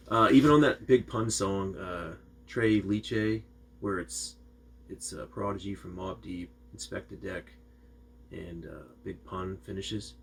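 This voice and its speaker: A man's voice: low-pitched, takes it slowly, creaky, pauses often, slight background noise. A man from Maine co-hosting a music reaction video, chatting in a rambling, laid-back way with lots of slang. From Maine, USA. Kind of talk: casual reaction chat.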